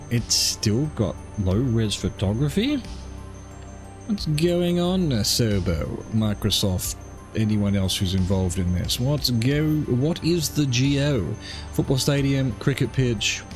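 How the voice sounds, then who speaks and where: A man talks casually over a flight sim, musing aloud and dropping wry little asides. His voice sits at an ordinary middle pitch. Soft music plays faintly behind him. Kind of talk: casual gameplay commentary.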